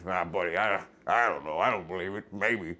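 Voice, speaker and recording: A man voicing a dismissive male grocery cashier in a low, drawling, skeptical tone. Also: fairly quick, pushed and bright.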